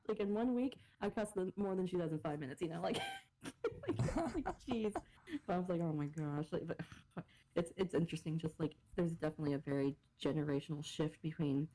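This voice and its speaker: A woman's voice: low-pitched, quick pace, warm tone, a little hiss or hum, rough recording. A young woman co-hosting a podcast in casual chat, rambling, laughing and cursing freely, her voice a little worn. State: slightly losing her voice. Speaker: podcast co-host. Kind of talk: casual chat, reading posts aloud.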